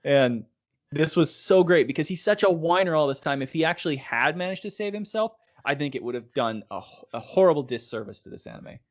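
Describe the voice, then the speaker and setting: A man's voice: on the high side, fairly quick. A man co-hosting a casual podcast discussion, talking enthusiastically about a scene he loved. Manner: enthusiastic and animated. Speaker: podcast co-host.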